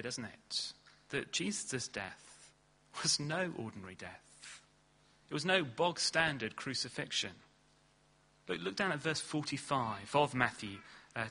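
A man preaching a sermon in earnest, leaning hard on key words and then dropping low and slow. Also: gravelly, sharp tone, husky. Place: church hall.

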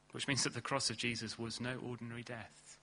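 A man preaching a sermon in earnest, leaning hard on key words and then dropping low and slow. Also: sharp tone, slight background noise. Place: church hall.

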